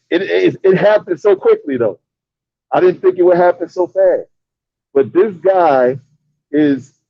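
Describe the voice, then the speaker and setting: A man's voice: high-pitched, dry recording. A man giving emphatic, dismissive boxing critique as a podcast co-host. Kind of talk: casual boxing chat. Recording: dull dry lo-fi audio.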